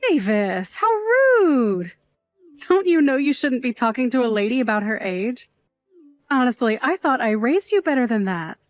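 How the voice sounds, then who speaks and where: Actress voicing a high-pitched, playful middle-aged aunt; warm teasing, dry studio read. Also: female voice, animated, no room sound, faint music behind, natural voice. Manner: playful, mock-offended, quick to tears. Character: doting middle-aged aunt, sassy bar worker. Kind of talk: audio drama acting.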